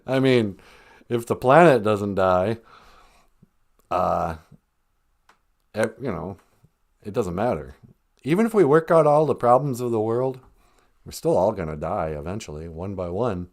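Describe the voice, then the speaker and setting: A man hosting a comedy podcast, joking darkly in a deadpan, drawling way. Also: lowish voice, unhurried, long pauses. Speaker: podcast host.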